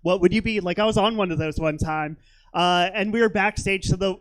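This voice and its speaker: A man's voice: high-pitched, moderate pace, a bit bright, clean tone. A young man doing a stand-up comedy set on a theater stage, rambling and self-deprecating, with lots of fillers.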